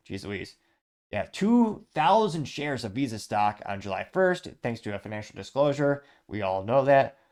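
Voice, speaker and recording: A man's voice: mid-range voice, darkish tone. A man hosting a political news podcast, talking casually and rambling with asides. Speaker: podcast host.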